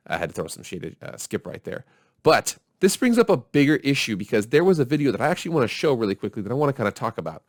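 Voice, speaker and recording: A man's voice: medium pitch, sing-song, fast talker, no room sound, clean studio sound. A man hosting his own sports video channel, talking in a casual, blunt and ranting way. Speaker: YouTube sports channel host. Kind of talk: casual vlog commentary.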